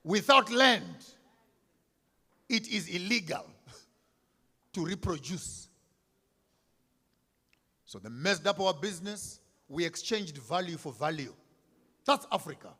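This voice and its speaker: A man giving an impassioned speech at an event, declaiming with repeated lines and swinging from hushed to shouted. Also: a little high, big pitch swings, a little slow, long pauses, slightly rough. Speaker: speaker at a commemorative event. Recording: reverberant hall.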